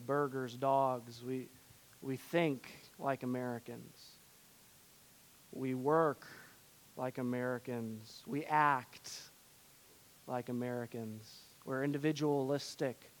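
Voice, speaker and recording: A male pastor from the southern suburbs of Chicago preaching a sermon, swinging between loud emphasis and hushed passages. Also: fairly high pitch.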